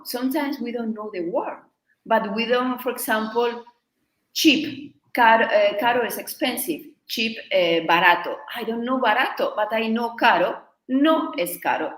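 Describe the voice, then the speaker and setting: A woman who is a native Spanish speaker and a Spanish teacher, explaining learning tips in a lively, emphatic way with punchy "boom" accents. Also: moderate pace, echoey room, rough recording.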